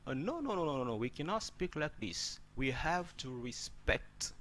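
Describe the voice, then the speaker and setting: A man's voice: a little high, very animated, normal speed, a bit bright, a little hiss or hum. A man whose first language is not English, teaching English pronunciation and word stress, often repeating words and asking "okay?". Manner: addresses listeners as brother. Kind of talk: spoken pronunciation lesson.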